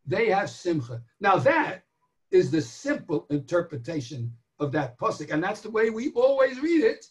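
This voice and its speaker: A man delivers a daily Torah lecture in the cadence of a sermon. His pitch rises and falls in wide swings, and he drives each point home with rhetorical questions and slow, stressed phrases. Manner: animated, emphatic, drawn-out stresses and rhetorical questions. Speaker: rabbi giving a daily Torah class.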